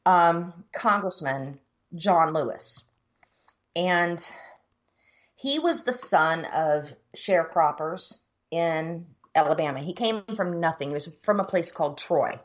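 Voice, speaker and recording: A woman co-hosting a casual podcast, blunt and earnest, with casual swearing. Her voice sits on the low side and the recording sounds dull and lo-fi. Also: animated, slow pace. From Florida, USA. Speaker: podcast co-host. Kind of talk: casual chat.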